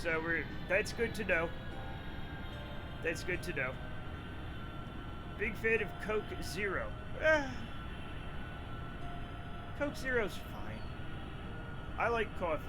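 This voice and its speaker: A man's voice: high-pitched, slow pace, long pauses, music in the background. A young man streaming a space flight game, chatting with his viewers, swearing freely and ranting in mock anger. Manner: animated, answers chat, swears freely, mock-angry rants. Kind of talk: casual live-stream commentary.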